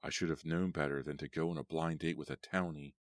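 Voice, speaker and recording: A cocky young female vampire with a sharp, mocking tongue, voiced by a man in an audiobook. Her lines come out very low and deep, with a dry, close sound and no room around them. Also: steady tone, brisk, no echo. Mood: scornful. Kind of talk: audiobook character voice.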